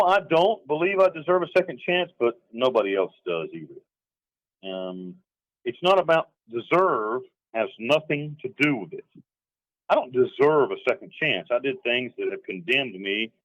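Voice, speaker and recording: A man's voice: medium pitch, no room sound, lo-fi sound. A middle-aged man from North Carolina, recounting his past in a rambling, emphatic interview, sometimes acting out what others said. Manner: rambling, emphatic, slips into acted quotes. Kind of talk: telling his story in an interview.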